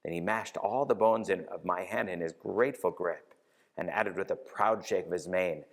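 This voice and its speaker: A man leading a novena and reading a novel aloud in a church, in an expressive, unhurried way. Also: deep voice. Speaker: parish reader leading a novena. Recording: reverberant church hall.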